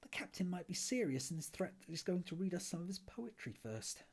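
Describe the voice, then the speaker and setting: A man, reading aloud in a soft ASMR style and voicing a laid-back, worldly male alien traveller in a dry, matter-of-fact way. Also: high voice, big pitch swings, a little fast, slightly rough, pitched above the performer's own voice, exaggerated voice.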